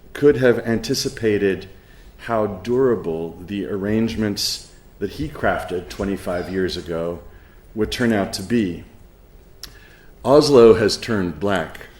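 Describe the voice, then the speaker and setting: A middle-aged man giving a lecture, halting with many ums and uhs, with a dry sense of humor. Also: on the low side, a little mellow, echoey room. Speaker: professor giving a conference talk. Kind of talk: spoken lecture with an anecdote.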